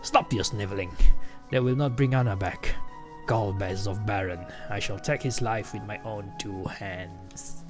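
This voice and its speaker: A man voicing a stern, vengeful old sage from a game, gruff and measured. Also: on the low side, over music, voice pushed down, lightly acted.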